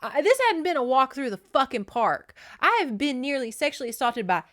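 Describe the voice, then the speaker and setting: A woman voicing a young Southern woman, defiant and shouting. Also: medium pitch, moderate pace, no echo, clean studio sound, natural voice. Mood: furious. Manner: shouting, indignant.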